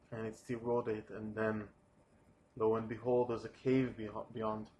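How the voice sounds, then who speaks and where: Non-native english guy talking through a storyboard pitch, halting, lots of uhs, faint hum behind. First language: not English. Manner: hesitant, many pauses and fillers, soft-spoken. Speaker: storyboard artist pitching a film. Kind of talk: informal pitch narration.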